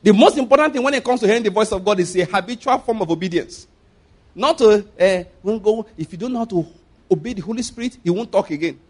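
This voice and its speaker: A Nigerian-accented man delivers a lively sermon in a notably high voice. He fires rhetorical questions at his listeners and chuckles often as he makes his points. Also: quick pace. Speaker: preacher.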